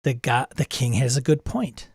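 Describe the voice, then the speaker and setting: A man's voice: mid-range voice, animated, moderate pace, husky, no echo, studio quality. A man casually commenting as he runs a role-playing game with an AI storyteller, thinking aloud and chuckling at it.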